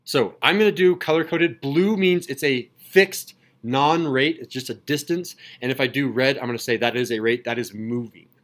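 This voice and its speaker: A man's voice: medium pitch, moderate pace, few pauses, fairly bright tone. A man teaching math in a classroom, upbeat and joking, asking the class questions as he works through problems.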